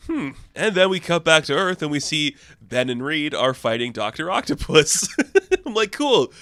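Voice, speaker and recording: A man talks through a comic book issue in a loose, excitable way, full of fillers and quick laughs. His voice is bright and forward. The recording is dry and close, with no room around it. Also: fairly high pitch, no echo. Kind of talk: casual comic recap.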